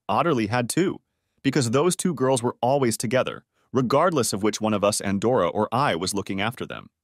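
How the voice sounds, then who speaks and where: A man narrating a first-person story in an expressive reading voice. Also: mid-range voice, no room sound, clean studio sound.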